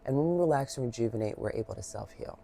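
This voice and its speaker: A woman giving a reflective guided Reiki talk, soft-spoken, heartfelt and rambling, with many fillers, a little emotional. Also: very deep voice, animated, quick pace, gravelly, slight background noise. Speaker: Reiki practitioner.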